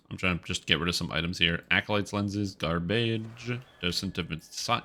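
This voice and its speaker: A male game streamer who rambles through his thoughts with plenty of fillers as he plays. His voice sits low but sounds very bright and forceful. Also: moderate pace. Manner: chatty, rambling with many fillers. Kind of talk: casual gaming commentary.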